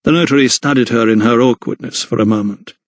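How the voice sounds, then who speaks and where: A male audiobook narrator reading a novel in a measured, even storytelling manner. His voice sits at a middle pitch for a man, recorded dry and close with no room sound. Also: no room sound. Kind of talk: scripted narration.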